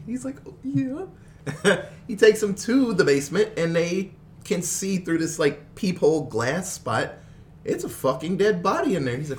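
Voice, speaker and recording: A man's voice: medium pitch, a little hiss or hum. A man casually retelling a zombie film plot, laughing often and acting out the characters' lines. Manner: animated storyteller, laughs often, mimics characters. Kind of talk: casual movie recap chat.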